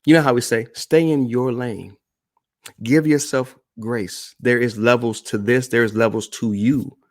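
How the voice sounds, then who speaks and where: A man's voice: medium pitch, fairly even intonation, measured pace. A man speaking as a motivational speaker on a live-stream broadcast, emphatic and repeating key phrases while addressing the audience directly.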